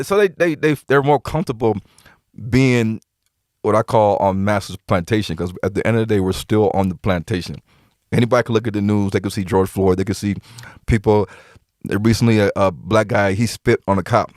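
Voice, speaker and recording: Heard in a dry, studio-quality recording, a man with a mid-range, animated voice talks a little fast. As a podcast guest he tells stories forcefully, recounting exchanges with many quotes and frequent repetition.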